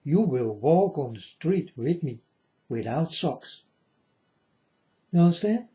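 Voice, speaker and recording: Slow, earnest man in a lo-fi recording. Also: fairly high pitch, sing-song, dark tone. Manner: earnest, repetitive, halting non-native phrasing. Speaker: vlogger addressing viewers. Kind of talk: rambling monologue to viewers.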